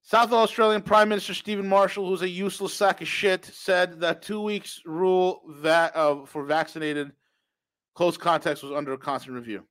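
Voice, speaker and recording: A man's voice: sits high, normal speed, a bit bright. A man co-hosting a podcast, reading news aloud with sarcastic, mocking asides. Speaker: podcast co-host. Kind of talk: casual ranting commentary.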